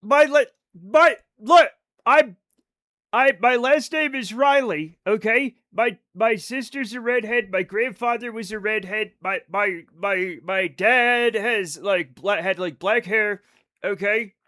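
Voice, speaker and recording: An excitable man with a high, bright voice chats casually with his stream viewers while he plays. He swears freely and keeps drifting into rambling asides. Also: takes it slowly. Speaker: livestreamer playing a space game. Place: home at night.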